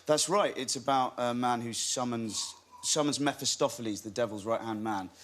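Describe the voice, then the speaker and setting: A man, an actor guest on a talk show, telling anecdotes in a relaxed, self-deprecating way. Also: medium pitch, normal speed, a little hiss or hum. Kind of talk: chatty interview.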